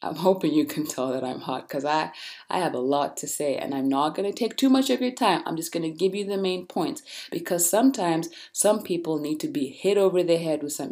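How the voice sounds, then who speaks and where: Female podcast host, deep-pitched, blunt, preachy, lively. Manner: blunt, animated, preachy encouragement. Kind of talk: casual motivational monologue.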